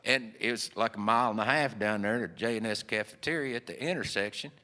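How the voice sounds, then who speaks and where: A man's voice: lowish voice, fast, pushed and bright. A man with an Appalachian accent telling a folksy story in a rambling, easygoing way full of fillers. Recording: long hall reverb.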